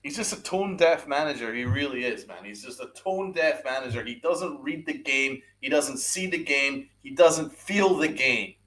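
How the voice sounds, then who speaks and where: Man angry sports podcast host, repeats and swears, big pitch swings. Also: animated, normal speed, hardly any pauses, fairly bright tone. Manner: ranting, repeats himself, swears, asks rhetorical questions. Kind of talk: angry sports rant with live chat.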